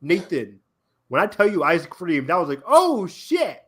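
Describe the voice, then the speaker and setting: Man, podcast co-host, excitable animated retelling, slightly higher voice. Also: normal speed, breathy edge. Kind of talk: casual TV recap chat.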